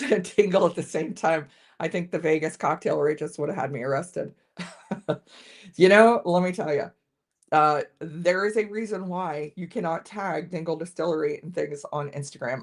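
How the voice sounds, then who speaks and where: Lowish-voiced woman doing a casual whiskey livestream, chatty, lots of restarts. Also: moderate pace. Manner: chatty, restarts sentences often, greets viewers. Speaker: host of a live whiskey tasting stream. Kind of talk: casual live-stream chat.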